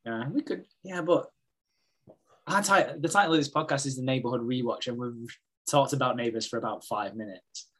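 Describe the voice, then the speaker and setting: A man in a relaxed podcast chat, swearing freely as he recaps a soap episode. His voice sits at a middling pitch, and he slips in quick impressions of the characters as he goes. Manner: sweary storytelling, mimicking characters in quick asides. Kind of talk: casual chat.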